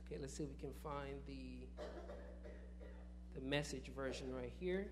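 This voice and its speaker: A man's voice: mid-range voice, moderate pace, pauses often, background noise. A man preaching a sermon in church, talking casually and then rising into emphatic bursts.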